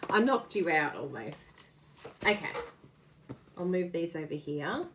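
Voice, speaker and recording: Chatty woman, lively lilt. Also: on the low side, slow, background noise. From Australia. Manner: chatty, laughs often, explains while working. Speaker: card-making host. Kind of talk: casual live craft demo.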